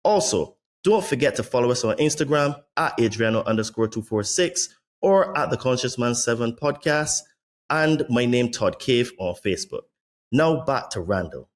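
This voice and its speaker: A man hosting a podcast, rambling and restarting as he asks questions, slowing on key words, and reading show plugs. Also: mid-range voice, expressive. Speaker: podcast host. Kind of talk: conversational interview, reads show plugs.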